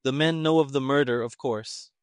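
A man voicing a sarcastic, irritated older army colonel who talks gruffly and emphatically. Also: medium pitch, moderate pace, no room sound, studio quality, pitched above the performer's own voice, lightly acted.

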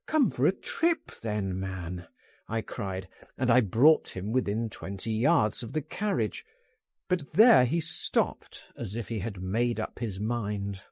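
A man narrating a first-person literary story, reading in an expressive, persuasive, theatrical manner. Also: mid-range voice, breathy edge, no echo, studio quality. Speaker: audiobook narrator.

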